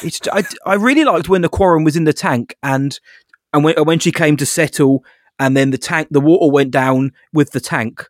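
A man's voice: on the high side, moderate pace, dry recording. Male co-host, casual and opinionated, plain mid voice; dry close mic. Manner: opinionated, candid critique with laughs. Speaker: podcast co-host. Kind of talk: casual chat.

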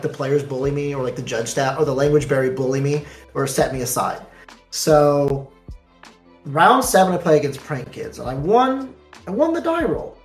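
A somewhat high-voiced man animatedly recounts a tournament, jumping into the voices of everyone he quotes. The room rings with echo, and faint music sits underneath. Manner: animated, acts out quoted exchanges. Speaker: card game player recounting a tournament. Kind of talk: casual storytelling.

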